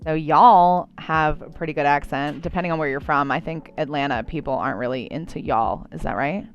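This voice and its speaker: A woman with a New Jersey accent chats casually and rambles while drawing on a live stream, with lots of "like" and "you know." Her voice is low-pitched and brisk. The recording is muffled, with faint music in the background.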